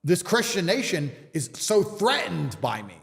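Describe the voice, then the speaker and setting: A man's voice: high voice, big pitch swings, measured pace, gravelly, a bit bright, in a large hall. A man from England, a guest talking with emphatic, repetitive rhetoric in a podcast conversation. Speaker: interview guest.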